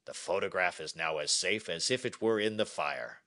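A man voicing a proud, emotional king in a storybook read for learners, loud and exclaiming. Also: low voice, normal speed, no room sound, clean studio sound.

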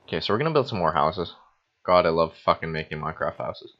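A young man, tipsy from wine, chatters and swears through a casual gaming session. His voice sits a little low but bounces all over the place. The recording sounds dull and lo-fi. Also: lively intonation, fast talker. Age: young adult. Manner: rambling, self-mocking, swearing. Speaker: host. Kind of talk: casual Minecraft let's-play chatter.

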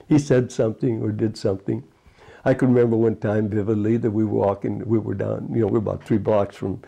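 Old guy in his 80s rambling thru memories, low gravelly voice, kinda dark and husky, lots of "you know". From United States. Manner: rambling storyteller, many "you know" asides. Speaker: retired fisherman recounting his life. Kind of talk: oral history interview.

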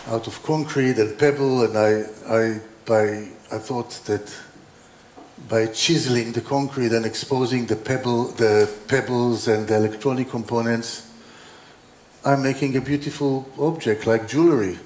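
A man's voice: medium pitch, fairly even intonation, measured pace, a little mellow, slight background noise. A man speaks at an exhibition opening, telling stories about his work in a loose, rambling way with lots of restarts and dry humor. His voice sits in the middle range and echoes around a roomy hall. A faint murmur of ambience hangs behind him. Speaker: designer giving an opening talk. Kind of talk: informal lecture with anecdotes.

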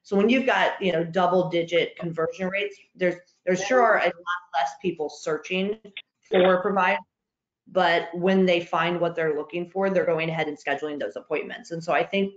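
A woman's voice: fairly low pitch, fairly even intonation, moderate pace. Woman panelist, earnest advice, frequent restarts, roomy echo, muffled video call sound. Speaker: healthcare marketing panelist. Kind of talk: webinar panel discussion.

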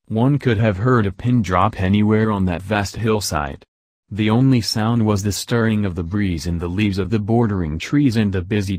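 A man narrating a historical account, reading in a plain, steady way. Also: on the low side, no room sound, studio quality. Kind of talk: read-aloud narration.

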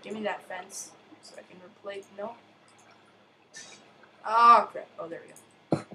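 A woman chatting excitably through casual gameplay commentary, sing-song and fond of mild cursing. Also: mid-range voice, unhurried, noisy background. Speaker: gamer.

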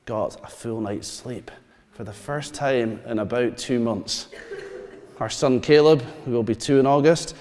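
A man, preaching a sermon. He tells stories and asks the congregation questions, dropping to quiet asides. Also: mid-range voice. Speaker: pastor. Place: church hall. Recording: long church reverb.

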